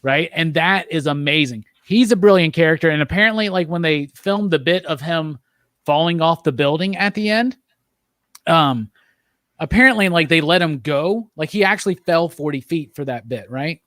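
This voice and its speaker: A man hosting a casual movie review chat, talking with animated enthusiasm and leading the discussion. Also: fairly high pitch, normal speed, no room sound, studio quality. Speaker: podcast host.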